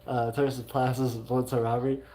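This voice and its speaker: A man's voice: medium pitch, little pitch movement, moderate pace, warm tone. A man with a Southern US accent hosting a livestream, reading viewer messages aloud in a casual, hesitant way with many fillers. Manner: hesitant, many "uh" fillers, reacts with mild exclamations. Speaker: livestream host.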